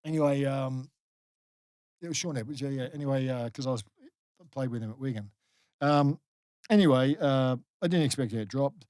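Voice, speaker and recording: A man's voice: mid-range voice, normal speed, long pauses, clean tone, no room sound, clean studio sound. A middle-aged Australian man, a former rugby league player, telling stories in a casual podcast interview, full of fillers and restarts. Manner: animated storyteller, many fillers and restarts.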